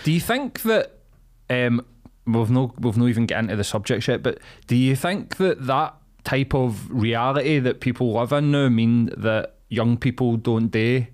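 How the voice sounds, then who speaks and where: A man's voice: medium pitch, expressive, moderate pace, darkish tone. A man with a Glaswegian accent, co-hosting a podcast and swapping rude stories with a laugh. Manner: sweary, laughing storyteller. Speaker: podcast co-host. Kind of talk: casual chat.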